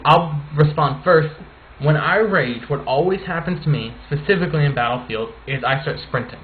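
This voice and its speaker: A man's voice: fairly high pitch, moderate pace. A man hosting a casual chat, steering the talk and telling stories with animation. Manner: leads the talk, animated storytelling. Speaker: podcast host. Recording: tinny phone-like line with faint noise.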